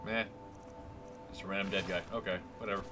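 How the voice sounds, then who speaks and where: A man's voice: sits low, fairly even intonation, a little fast. A man casually commenting on a video game as he plays, joking and chatting to the characters on screen. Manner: playful, jokey, talks to game characters. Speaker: gaming YouTuber. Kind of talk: casual Let's Play commentary. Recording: game music loud behind voice. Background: game music.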